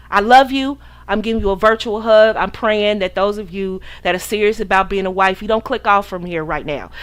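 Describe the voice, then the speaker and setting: A woman's voice: fairly high pitch, a bit bright. Direct, preachy woman podcast host. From United States. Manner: preachy and direct, quotes scripture, repeats phrases. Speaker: podcast host and relationship coach. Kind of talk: livestream talk to a chat audience.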